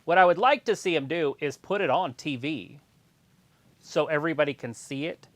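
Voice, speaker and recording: A man's voice: a little high, normal speed, a bit bright, dry recording. A man co-hosting a casual wrestling watch-along live stream, explaining things in a rambling, matter-of-fact way.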